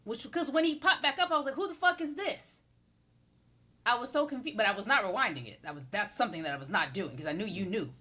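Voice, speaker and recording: A woman's voice: medium pitch, lively intonation, rapid-fire, hardly any pauses, bright, forceful tone, husky. A woman co-hosting a podcast, chatting casually about a movie in a blunt, exasperated way and swearing freely. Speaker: podcast co-host. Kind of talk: casual movie recap chat.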